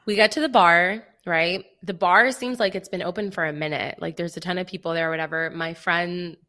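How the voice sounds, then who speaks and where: A young woman co-hosting a podcast, telling a story in an animated way, acting out quoted dialogue and saying "like" a lot. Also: on the low side, brisk. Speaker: podcast co-host. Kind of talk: casual chat.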